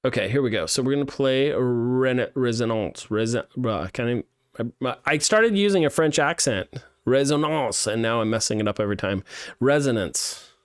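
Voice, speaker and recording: A man's voice: medium pitch, animated, brisk, clean tone, no echo, clean studio sound. A man streaming a live playtest of student games, thinking aloud with lots of fillers and restarts as he gives feedback. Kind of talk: live game playtest commentary.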